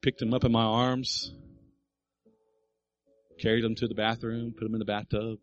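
A man's voice: fairly low pitch, level tone, normal speed, lo-fi sound, soft background music. A middle-aged male pastor preaching a sermon, telling a family story and building to emphatic appeals.

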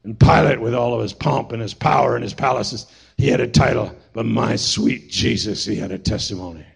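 A man's voice: mid-range voice, brisk, gravelly, husky. A man preaching a sermon as pastor, telling stories with humorous asides. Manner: storytelling, humorous, animated asides.

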